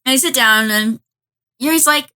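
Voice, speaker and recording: A woman's voice: high voice, normal speed, pushed and bright. A woman co-hosting an anime podcast, eagerly recapping episodes in casual chat, often laughing. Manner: enthusiastic, laughs often, acts out characters' lines. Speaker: podcast co-host.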